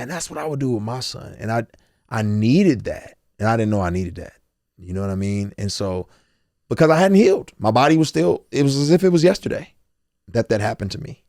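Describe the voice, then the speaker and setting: Here the rapper talks a little fast, his medium-pitched, darkish voice full of lively intonation, in a clean, dry studio recording. Being interviewed on a podcast, he's earnest and emotional, often voicing his own past thoughts while loosely repeating words and starting phrases over.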